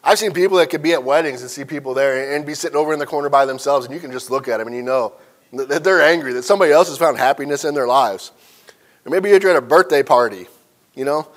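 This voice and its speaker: A man's voice: a little high, quick pace. Man teaching a folksy Sunday school lesson. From central Illinois, USA. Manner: folksy storytelling, asks the class questions. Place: church classroom.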